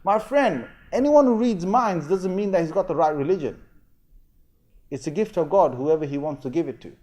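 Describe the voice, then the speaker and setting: A man's voice: fairly high pitch, moderate pace. A man with a London accent giving an Islamic lecture in a casual, slangy way, acting out the people in his stories. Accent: London English. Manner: animated storytelling, acting out dialogue, slangy and conversational. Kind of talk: sermon.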